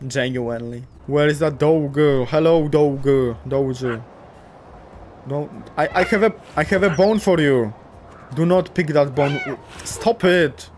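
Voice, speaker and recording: Excitable young man gushing over a game. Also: unhurried, slight background noise. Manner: excitable, gushing, jumps to high squeals; swears casually and talks to game characters. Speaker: gaming YouTuber. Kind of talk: casual game commentary.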